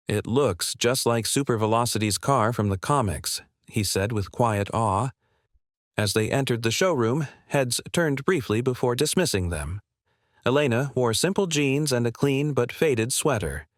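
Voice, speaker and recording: A man reading a scripted story in an even, measured way. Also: mid-range voice, dry recording, clean studio sound. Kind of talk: scripted narration.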